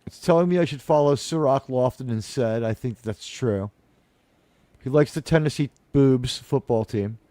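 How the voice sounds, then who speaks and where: A man's voice: medium pitch, normal speed, warm tone, no room sound. A man hosting a casual podcast panel, talking in a rambling, sarcastic way with mocking asides. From United States.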